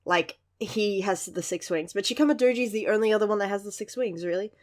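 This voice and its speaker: A young woman reviewing a manga chapter in casual chat, gushing and giggling often, with lively asides. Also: mid-range voice, fast talker.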